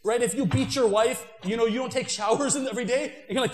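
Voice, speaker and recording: A young man giving an animated talk to an audience, acting out imagined conversations. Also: extremely high pitch, quick pace, echoey room. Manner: animated, acts out imagined dialogue. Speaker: Islamic speaker.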